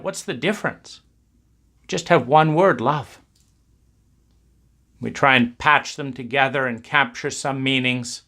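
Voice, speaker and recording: A man giving a reflective talk, speaking in slow, emphatic, repetitive cadences. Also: mid-range voice, pushed and bright.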